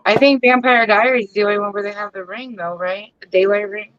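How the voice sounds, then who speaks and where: A woman's voice: mid-range voice, steady tone, brisk, a bit bright, no room sound, dull audio. A woman co-hosting a casual live stream, chatting and telling stories. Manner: chatty storyteller.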